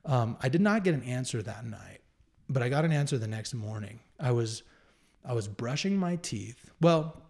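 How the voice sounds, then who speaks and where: A man's voice: medium pitch, darkish tone. Man, 30s, interview guest, earnest and reflective, candid personal telling. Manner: earnest, reflective, with fillers and restarts. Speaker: guest telling his story.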